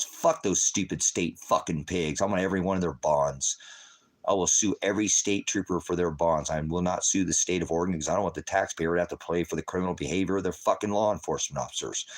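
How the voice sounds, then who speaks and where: A middle-aged man ranting angrily on a livestream as a father, cursing heavily and swinging from shouting to quiet. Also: low-pitched. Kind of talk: angry livestream rant.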